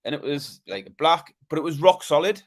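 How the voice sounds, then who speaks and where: A man co-hosting a podcast, telling a story in a casual, animated way and often dropping to a low murmur. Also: moderate pace. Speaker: podcast co-host.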